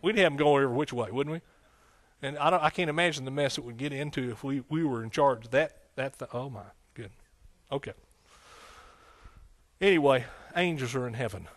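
A man's voice: medium pitch, fairly quick. A man preaching a folksy, conversational sermon, with frequent amens and hallelujahs. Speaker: pastor.

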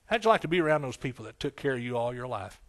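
A man's voice: medium pitch, big pitch swings, rapid-fire, fairly bright tone. A man preaching a folksy, conversational sermon, with frequent amens and hallelujahs. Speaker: pastor.

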